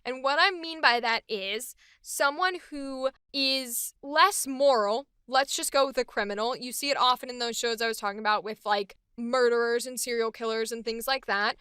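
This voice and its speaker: A woman's voice: on the high side, normal speed, hardly any pauses, bright, forceful tone, clean tone, no room sound, clean studio sound. A woman voice actress chatting enthusiastically about a character she is voicing. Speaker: voice actress hosting a character series. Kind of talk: casual chat.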